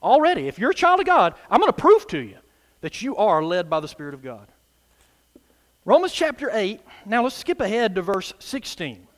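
A man preaching with a high voice that swings widely in pitch. He talks emphatically and throws call-and-response asides to his listeners, and the sound carries a long hall reverb. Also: wildly swooping pitch, normal speed. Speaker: pastor. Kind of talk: sermon.

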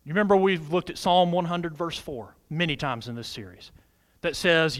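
A man preaching a sermon as pastor, animated, urging the congregation to respond. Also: fairly high pitch, moderate pace.

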